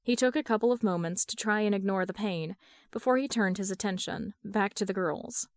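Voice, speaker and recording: A woman narrating a fan fiction story aloud in an even, measured reading. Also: mid-range voice, no echo, studio quality. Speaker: podfic reader.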